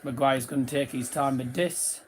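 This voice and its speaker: A man with a mid-range voice, fairly even intonation and normal speed hosts a football watchalong, commenting live on the match. He's chatty and chuckles at viewers' messages, laughing at fans' bets.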